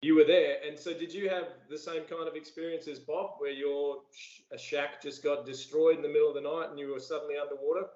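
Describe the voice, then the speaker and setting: A man hosting a podcast in relaxed, friendly banter. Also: on the high side, fairly quick, reverberant, lo-fi sound. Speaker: podcast host. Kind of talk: casual interview chat.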